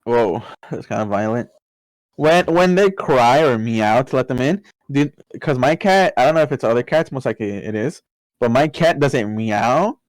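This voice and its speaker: A man co-hosting a podcast in casual chat, joking and swearing, with sudden loud outbursts. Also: medium pitch, animated, moderate pace, no echo, low-quality recording. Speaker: podcast co-host.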